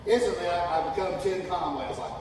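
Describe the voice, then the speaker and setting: A man preaching with fervor, his fairly high voice often climbing into shouts. He is captured from well back in a big, echoing church sanctuary. A steady hiss of background noise runs underneath. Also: quick pace. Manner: impassioned, rising to shouts. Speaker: pastor. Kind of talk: sermon. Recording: echoey hall from far off with noise.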